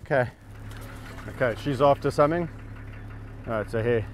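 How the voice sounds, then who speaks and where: A man's voice: medium pitch, moderate pace, a little hiss or hum. A middle-aged man talking fondly and laughingly to animals outdoors, coaxing and teasing them on a handheld camera. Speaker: wildlife sanctuary keeper. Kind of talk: casual talk to animals on camera. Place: outdoors in the bush.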